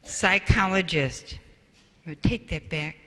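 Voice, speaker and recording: Her voice is lowish, bright and forceful, and she takes her time. This older woman tells stories to an audience in a spiritual parenting talk, acting out quoted voices with animation, with the recording made in a reverberant hall.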